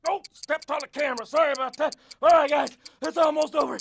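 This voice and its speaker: A man acts out a loud, peppy football coach with a strikingly high, gravelly voice. He barks hyped-up encouragement in a scripted kids' fitness skit. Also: fairly even intonation, quick pace. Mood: pumped up. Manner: shouty, hyped-up cheerleading.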